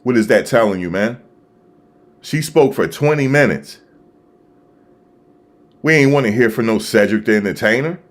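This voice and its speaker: A man hosting a live stream, talking casually and excitedly to his viewers, repeating himself as he reacts. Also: mid-range voice, moderate pace, long pauses. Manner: animated, repetitive, talking to chat viewers. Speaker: livestream host. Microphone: desktop USB microphone.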